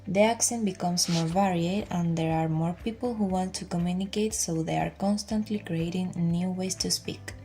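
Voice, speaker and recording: A woman's voice: fairly low pitch, steady tone, normal speed, few pauses, over music. A woman presenter reading a summary steadily from a script. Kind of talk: read-aloud summary.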